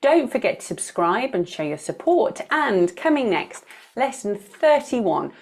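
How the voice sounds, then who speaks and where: A woman teaching English with a British accent, reading each word out slowly and clearly and stressing its syllables in a pronunciation drill. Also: fairly high pitch, big pitch swings, a little mellow.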